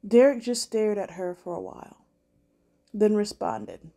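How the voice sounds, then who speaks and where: A woman reading a Christmas story aloud at a church, calm and measured. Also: medium pitch.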